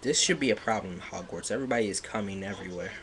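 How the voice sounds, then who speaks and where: Guy reading dumb fanfic out loud, sarcastic, kinda stuffy, faint hum behind him. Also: on the low side, racing. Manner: sarcastic, breaks into laughter and loud outbursts. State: slightly stuffy. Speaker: livestreamer reading fan fiction aloud. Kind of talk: mocking dramatic reading with commentary.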